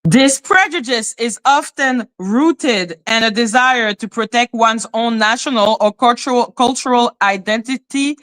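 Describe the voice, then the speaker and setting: A woman's voice: fairly high pitch, fairly bright tone. Blunt Canadian woman with a French accent. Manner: blunt, profane, indignant. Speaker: commentary channel host. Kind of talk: livestream commentary.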